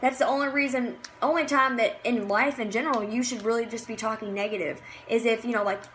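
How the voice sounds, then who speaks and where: A woman's voice: fairly high pitch, steady tone, brisk, a bit bright, a little hiss or hum. A woman leading a casual motivational talk for her sales team, chatty and full of fillers, often acting out cheery messages. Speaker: team leader in direct sales.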